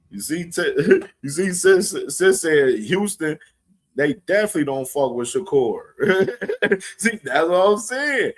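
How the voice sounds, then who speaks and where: A man's voice: a little high, very animated, slow pace, long pauses. A man hosting a casual boxing live stream, laughing often, slangy and profane, talking straight to his chat. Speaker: boxing show host.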